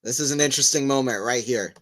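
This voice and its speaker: A man's voice: mid-range voice, fast talker. Chatty man calling tennis live. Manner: chatty, rambling asides between excited point calls. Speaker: livestream tennis commentator. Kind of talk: casual live play-by-play commentary.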